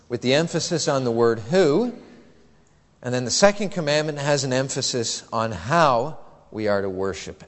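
A man preaching a sermon from the pulpit in a church, measured and emphatic, with deliberate pauses. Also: a little high. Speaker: pastor. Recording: hall reverb in a church.

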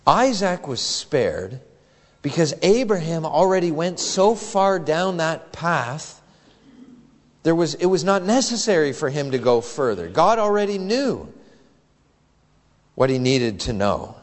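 A man's voice: on the high side, sing-song, slow pace, long reverb tail. A male pastor preaching an earnest, emphatic sermon that is full of rhetorical questions.

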